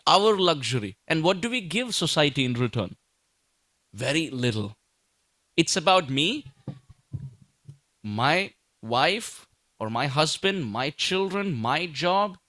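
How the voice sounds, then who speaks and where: A man delivers a sermon in a somewhat high voice. He poses rhetorical questions, answers them himself, and hammers points home through repetition. The sound is dry and close. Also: a bit bright, dry recording. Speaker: speaker at a devotional talk.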